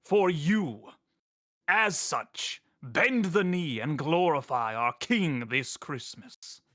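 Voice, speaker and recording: A man putting on a commanding, declaiming voice, proclaiming a pious decree in slow, grand tones. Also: fairly high pitch, lively intonation, fairly bright tone, a little hiss or hum.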